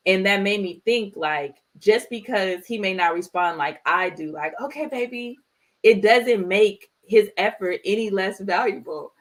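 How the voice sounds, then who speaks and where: A woman co-hosting a casual chat, telling stories in a lively way and acting out the quotes. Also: mid-range voice, moderate pace. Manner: animated storyteller, acts out quotes loudly. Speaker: podcast co-host.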